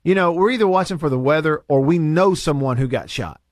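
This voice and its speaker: A man hosting a radio show, ranting and bantering in a casual, animated way from the studio. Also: fairly quick, no echo. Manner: animated, rants with big pitch jumps.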